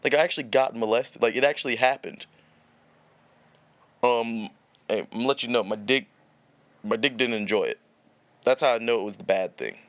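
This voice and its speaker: A man's voice: mid-range voice, moderate pace, pauses often, fairly bright tone, no room sound. A young man hosting a podcast, telling a long story in a rambling, profane way with many restarts. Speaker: podcast host. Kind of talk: casual storytelling.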